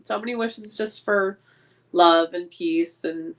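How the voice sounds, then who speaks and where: A woman co-hosting a podcast, chatting casually and warmly teasing her friend. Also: lowish voice, slow pace. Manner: playful, teasing, encouraging. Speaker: podcast co-host. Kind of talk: casual chat.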